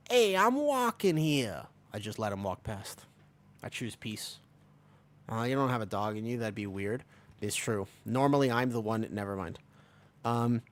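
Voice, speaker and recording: A young man from America, streaming a game and chatting casually with viewers, rambling and joking as he answers chat. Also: lowish voice. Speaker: livestreamer. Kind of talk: casual livestream chat while gaming.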